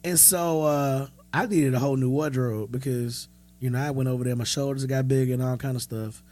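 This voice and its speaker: A man's voice: medium pitch, normal speed. A man in his thirties co-hosting a podcast, telling stories in casual chat and acting out the dialogue he quotes, frank and profane. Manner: animated storyteller who acts out quoted dialogue. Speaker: podcast co-host.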